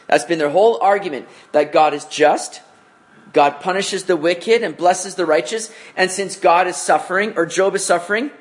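A man's voice: sits high, normal speed. A man teaching a conversational evening Bible study, casual in tone and often asking his listeners rhetorical questions.

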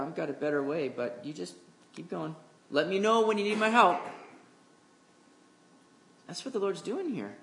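A male pastor delivers an expository sermon in a relaxed, conversational tone, with a voice a touch higher than most men's. He slows down and leans into scripture readings. He breaks into little acted-out voices for the people he quotes.

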